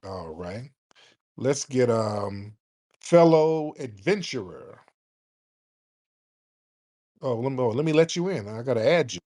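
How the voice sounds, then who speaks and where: A man's voice: medium pitch, normal speed, darkish tone. A man from the United States hosting a call-in talk show, emphatic and swearing freely. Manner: brash, profane and emphatic. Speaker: radio show host.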